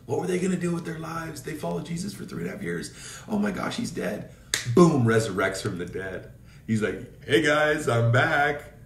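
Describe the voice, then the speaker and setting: A man's voice: darkish tone, roomy sound, far from the mic, slight background noise. A man from the Seattle area leading a fervent prayer and sermon, declaring and telling stories with energy. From Seattle area, Washington State. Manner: fervent, declaring, storytelling with rising pitch. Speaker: preacher.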